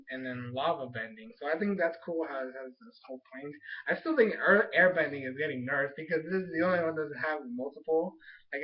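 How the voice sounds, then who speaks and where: An excitable young man recaps an episode in a loose, rambling way, tossing in slang as he goes. His voice sits a little high. The recording is dull and lo-fi. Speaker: show reviewer.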